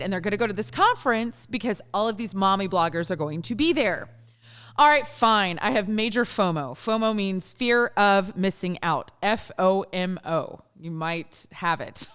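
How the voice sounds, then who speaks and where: A woman's voice: medium pitch, a bit bright, clear, resonant tone. A woman from northern Louisiana with a Louisiana accent hosts her own show in a studio. She talks in a chatty, self-deprecating way and laughs often. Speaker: podcast host. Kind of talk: casual monologue.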